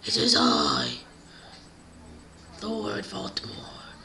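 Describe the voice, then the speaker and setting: A woman voicing a sinister male dark wizard in a whispered role-play, speaking in a low hissing whisper. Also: wildly swooping pitch, very slow, gravelly, roomy sound, exaggerated voice. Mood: menacing.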